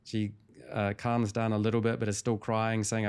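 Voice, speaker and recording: A man, a hypnotherapist guest in an interview, calmly retelling a client's session in a measured storytelling way. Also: fairly low pitch, clear, resonant tone.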